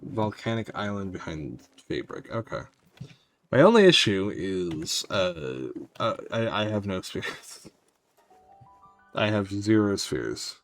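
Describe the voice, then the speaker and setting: A man's voice: on the low side, sing-song, slow, faint music behind. A man streaming a game, chatting casually and wryly with his viewers as he plays. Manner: rambling, wry, talks to chat. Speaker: gaming streamer. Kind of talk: casual gameplay commentary.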